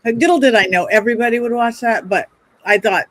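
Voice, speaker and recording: A woman with a notably high voice tells stories in a lively, chatty podcast style, tumbling through quick restarts as she goes. She sounds middle-aged and speaks as a psychic medium guest. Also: no echo. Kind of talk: casual podcast storytelling.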